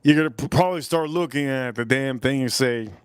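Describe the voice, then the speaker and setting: A man's voice: mid-range voice, a little fast, noisy background. A man hosting a live stream, rambling and joking crudely while he talks to his chat.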